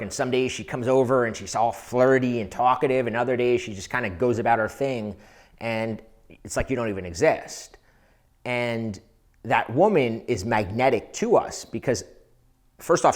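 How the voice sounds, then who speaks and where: A man speaking as a dating coach, giving casual, conversational advice to viewers, often repeating words as he goes. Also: medium pitch. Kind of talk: advice monologue.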